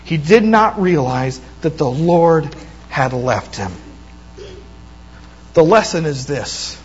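A man with a notably high voice preaching a sermon. He retells a scripture story with animated quoted lines and often restarts his words. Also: takes it slowly, slightly rough, muffled recording.

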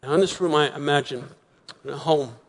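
Male pastor, fairly high voice, earnest sermon delivery with repetitions and soft emphatic pauses, long church-hall reverb. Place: church sanctuary.

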